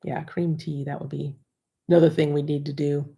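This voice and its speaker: A woman's voice: low-pitched, little pitch movement, brisk, creaky, dark tone. An American woman co-hosting a live stream, chatting casually and laughing often while reading viewer comments. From United States. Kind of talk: casual chat.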